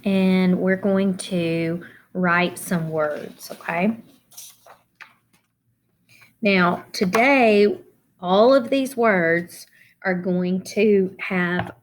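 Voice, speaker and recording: A middle-aged woman teaching a children's phonics lesson, slowly and deliberately spelling out letters and syllables. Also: lowish voice, slight background noise.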